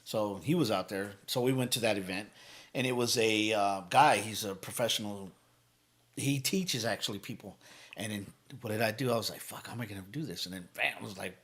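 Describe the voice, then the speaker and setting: A man's voice: lowish voice, fairly quick. A man guesting on a podcast as a motivational speaker, telling stories energetically, cursing freely and acting out what people said. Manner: energetic storytelling, heavy cursing, acts out quotes. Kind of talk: casual podcast chat.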